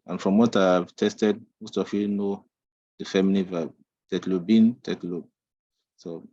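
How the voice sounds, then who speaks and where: A man's voice: low voice, a little mellow, no echo. A man teaching an Arabic lesson online, patiently explaining Arabic phrases in English and drilling students. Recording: dull lo-fi dry sound.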